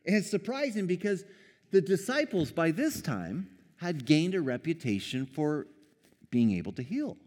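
A man preaching a sermon in a casual, conversational way, lively when quoting and quick to chuckle. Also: a little high, big-room sound. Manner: conversational, animated when quoting, with small laughs and restarts. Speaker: pastor.

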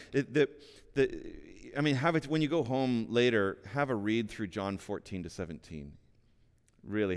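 A man in his forties preaching a sermon in a church hall, earnest and conversational, often repeating a word as he starts a phrase. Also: mid-range voice. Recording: long reverb of a hall.

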